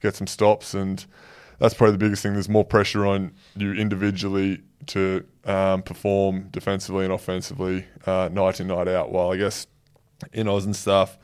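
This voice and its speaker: A man, a pro athlete guest on a podcast, answering in a relaxed, measured way. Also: low voice, clean tone. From Australia. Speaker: professional basketball player guest. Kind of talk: casual chat.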